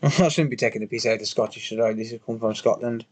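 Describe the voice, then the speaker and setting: A man's voice: medium pitch, a little mellow. A man chatting casually on a live repair stream, joking, swearing and answering his chat as he works.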